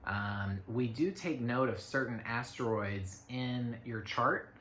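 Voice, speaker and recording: In an echoey room with faint noise, a man delivers a casual spoken astrology forecast at a slow pace. His voice sits in the mid range with a fairly bright tone, and he rambles along with many fillers and little asides to himself.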